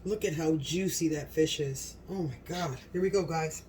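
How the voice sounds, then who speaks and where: A woman hosting a home cooking video in her kitchen, gushing with excitement and talking straight to her viewers in a casual way. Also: sits low, moderate pace, distant mic, a little hiss or hum, rough recording. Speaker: cooking channel host.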